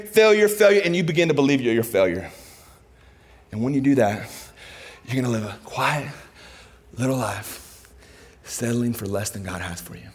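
A male preacher delivering a sermon with lively contrast. He drops to quiet, low passages, then climbs to loud, high emphasis. He speaks at a middle pitch. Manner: animated, swinging from soft to loud.

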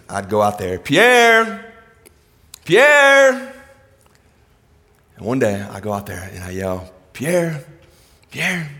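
A man preaching a sermon, telling stories that sink to a hushed low voice and then rise into emphatic, raised delivery. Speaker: pastor. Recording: hall reverb.

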